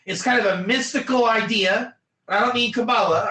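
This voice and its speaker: A high-pitched man teaches an online class as a rabbi, his voice bright and ringing in an echoey room. He is animated, acts out little scenes and calls on students by name. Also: fairly quick. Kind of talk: lively online Torah class.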